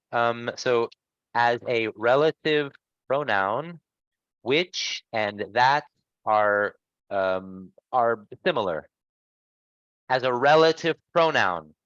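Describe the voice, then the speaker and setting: A man's voice: medium pitch, a bit bright, smooth, no room sound, muffled recording. Patient man teaching an online English class. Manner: patient, encouraging, repeats and rephrases.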